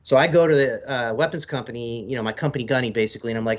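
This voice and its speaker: A man's voice: medium pitch, very fast, hardly any pauses. A man in his forties, a military veteran guest on a podcast, telling long rambling stories in casual, profane language. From United States. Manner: profane, rambling, laid-back storyteller. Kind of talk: casual storytelling in an interview. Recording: slightly dull lo-fi audio.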